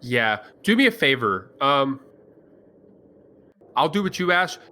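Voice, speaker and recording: Male player, lively pitch, bright voice, hesitant, wry. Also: takes it slowly. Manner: hesitant, many fillers and restarts, wry. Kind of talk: playing a character at a tabletop game.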